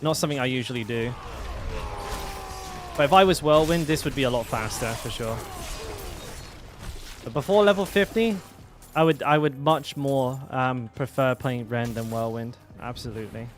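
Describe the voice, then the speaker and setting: A man's voice: mid-range voice, normal speed, pauses often, soft background music. A young man chatting casually while streaming a game, rambling with lots of fillers and restarts. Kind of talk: casual live-stream chat.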